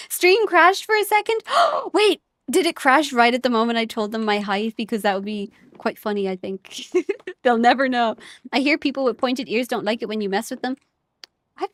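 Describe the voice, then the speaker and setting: A woman's voice: on the high side, dry recording. A young woman from Ireland streaming a game, chatting casually with viewers in a giggly, rambling way, often correcting herself. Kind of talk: casual gameplay chat with viewers.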